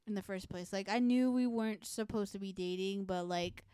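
A young woman co-hosting a podcast, telling stories in a profane, animated, casual way. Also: medium pitch, moderate pace, clean tone, no room sound, studio quality. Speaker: podcast co-host. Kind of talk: casual chat.

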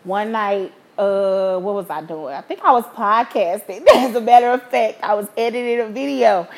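A woman in her thirties, a podcast host telling a personal story in a frank, animated, profane way. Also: mid-range voice, moderate pace. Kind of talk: candid storytelling.

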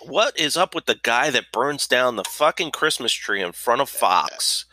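A man's voice: mid-range voice, animated, normal speed, sharp tone. A man co-hosting a podcast in casual chat, joking and swearing with many fillers. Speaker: podcast co-host.

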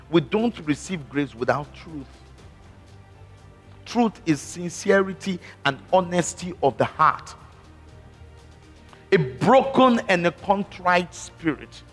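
A man preaching a sermon slowly and emphatically, with repeated interjections of praise. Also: on the high side, expressive. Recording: long hall reverb with faint music.

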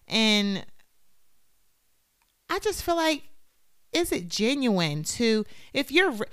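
Opinionated woman podcast co-host, emphatic chat, clear dry close sound. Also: on the high side, big pitch swings, slow, fairly bright tone, no echo. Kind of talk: casual chat.

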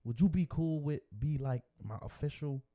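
A man's voice: on the high side, moderate pace, warm tone, no room sound. Man, podcast co-host, casual chat, teasing, reads posts aloud, dry sound.

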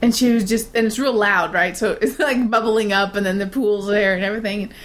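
A woman's voice: medium pitch, fairly even intonation, brisk. A woman in casual conversation, telling stories in a chatty way and laughing often. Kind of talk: casual chat.

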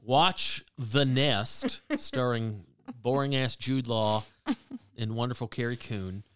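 A man's voice: medium pitch, takes it slowly, fairly bright tone, clear, resonant tone, dry recording. Dry, teasing man co-host in banter. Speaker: podcast co-host. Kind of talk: casual chat.

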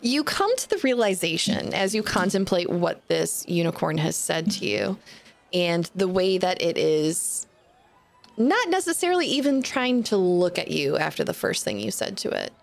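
Gravelly-voiced woman game master. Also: fairly low pitch, very animated, normal speed. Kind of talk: narrating a tabletop game.

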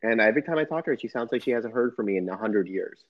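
A man's voice: medium pitch, animated, racing, highs cut off. A man in his thirties co-hosting a podcast in casual chat, rambling and repeating himself. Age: 30s. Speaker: podcast co-host.

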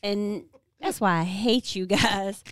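A woman's voice: medium pitch, takes it slowly, fairly bright tone, smooth, no room sound. A woman co-hosting a casual chat, teasing the others and laughing easily. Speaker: podcast co-host.

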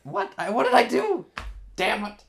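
A man co-hosting a comedy podcast in casual banter, teasing his partner with jokes and sudden loud outbursts. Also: high voice, huge pitch swings, normal speed, vocal fry, a crowd in the background. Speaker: podcast co-host.

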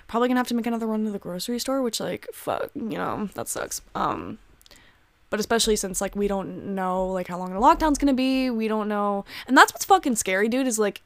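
Young female podcast host, higher voice, dry sound, profane and heated, filler-heavy. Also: no room sound. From United States. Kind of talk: casual solo podcast rant. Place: home.

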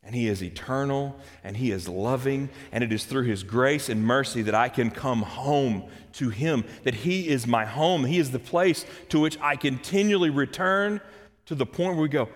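A man preaching a sermon, swinging between hushed, slow scripture reading and loud, urgent outbursts. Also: medium pitch, expressive, long reverb tail. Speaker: pastor.

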